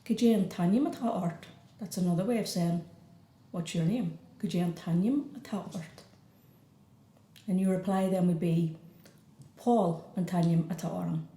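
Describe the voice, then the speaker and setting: Irish woman teaching phrases slowly. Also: fairly low pitch, dark tone, echoey room. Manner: slow, repeats each phrase twice. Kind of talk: beginner language lesson.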